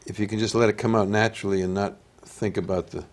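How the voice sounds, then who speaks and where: A man's voice: lowish voice, steady tone, fast talker. Nasal older Italian-American man. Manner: storytelling, easygoing. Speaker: guest actor. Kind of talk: casual interview chat.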